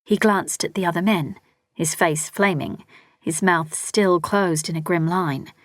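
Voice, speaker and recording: Low-voiced woman narrating a story. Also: fairly even intonation, measured pace, dry recording, clean studio sound. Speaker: audiobook narrator. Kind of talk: scripted narration.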